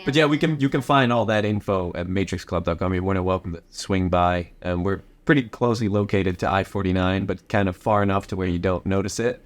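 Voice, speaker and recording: A man's voice: low voice, brisk, few pauses. A man, a guest who runs a sports club, chatting casually and upbeat about what it offers. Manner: upbeat, promotional. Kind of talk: casual chat.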